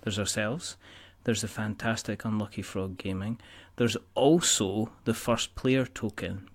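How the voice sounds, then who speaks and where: Guy hosting a board game podcast, chatty and jokey, goes off on tangents. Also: on the low side. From Scotland. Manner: jokey, rambling, puts on silly voices. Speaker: podcast host. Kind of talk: casual chat.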